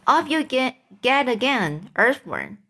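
A woman reading aloud and voicing a brave, quick-thinking young boy who gives urgent commands. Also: sits high, very animated, sharp tone, a little hiss or hum, voice pushed up, full character voice.

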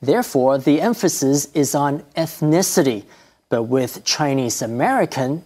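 A man from Taiwan teaches English vocabulary, switching between Mandarin and English. He explains each point in a clear, measured way, like a lesson host. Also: fairly high pitch, lively intonation, warm tone. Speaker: bilingual language teacher.

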